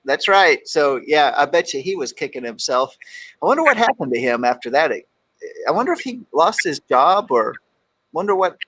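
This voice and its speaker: A man's voice: fairly high pitch, very animated, normal speed, fairly bright tone, breathy edge. A middle-aged man from Texas hosting a talk show, joking around and reading quotes aloud with emphasis. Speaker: radio show host. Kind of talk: casual talk show banter.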